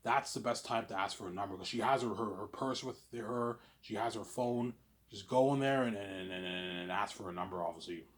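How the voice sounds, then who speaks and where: A man's voice: on the low side, a little fast. A man talking to camera in a rambling, casual monologue, stammering and repeating words as he goes. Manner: stammering, repeats words, keeps saying "obviously". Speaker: vlogger.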